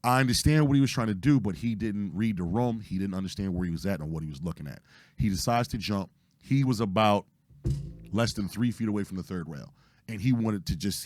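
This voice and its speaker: A hoarse man, telling a story casually as podcast host, animated and profane, acting out what people said. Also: fairly low pitch, fairly quick, dry recording, studio quality. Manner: animated, profane retelling with acted-out quotes.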